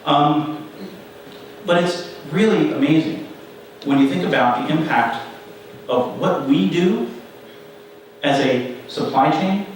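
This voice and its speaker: A middle-aged man giving a conference talk, telling a story in a conversational, animated way and acting out the people in it. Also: fairly high pitch, slow, slight background noise. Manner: conversational, animated retelling with quoted voices. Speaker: conference speaker. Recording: echoey hall from far off.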